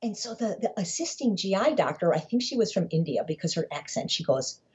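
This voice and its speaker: Woman, very husky voice, mellow tone, emphatic podcast guest, dull lo-fi recording. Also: on the low side, big pitch swings, a little fast. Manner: emphatic, repeats words when building a point. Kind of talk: conversational interview storytelling.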